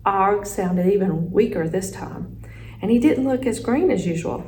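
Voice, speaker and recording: Expressive woman reading a children's book. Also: mid-range voice, a little slow, slight background noise, poor audio. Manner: expressive storytelling. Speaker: teacher reading aloud.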